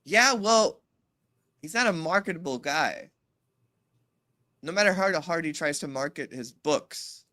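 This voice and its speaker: A woman co-hosting a podcast, chatting casually in an animated way, swearing and cutting in often. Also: low voice. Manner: animated, swearing, quick interruptions. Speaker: podcast co-host. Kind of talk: casual chat.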